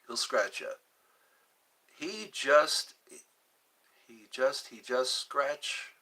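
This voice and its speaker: Slow-talking husky-voiced male streamer. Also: medium pitch, bright, forceful tone. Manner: slow and drawn-out, repeats phrases, jokey. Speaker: livestream host. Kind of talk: casual livestream chat, reading out and answering viewer comments.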